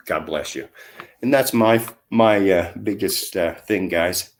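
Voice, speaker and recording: A middle-aged man, his voice sitting a little low. He rambles and swears his way through an angry rant straight to camera, throwing insults as he goes. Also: takes it slowly. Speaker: vlogger.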